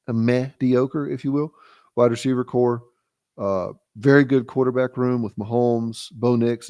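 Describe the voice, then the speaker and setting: Gravelly, teasing man roasting his friends. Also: medium pitch, mellow, no echo, studio quality. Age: late 30s. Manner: teasing, self-mocking, mock-exasperated rants. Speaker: fantasy league commissioner. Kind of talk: casual joking league recap.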